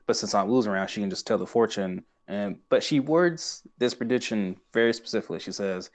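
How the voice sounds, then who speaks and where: A man's voice: lowish voice, brisk, few pauses. A young man co-hosting a podcast, cheerfully recapping scenes with frequent laughs. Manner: recaps scenes, laughs often, acts out lines. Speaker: podcast co-host. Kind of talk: casual podcast chat.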